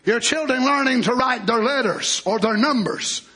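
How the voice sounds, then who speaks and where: A man preaching as pastor, building to shouted, drawn-out lines. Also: very high voice. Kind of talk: sermon.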